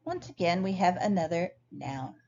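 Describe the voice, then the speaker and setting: A woman with a lowish voice teaches a recorded lesson at a steady, patient pace. The sound is dull and lo-fi, with faint noise underneath. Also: moderate pace. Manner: clear, patient explaining. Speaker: ESL instructor. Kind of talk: recorded lecture over slides.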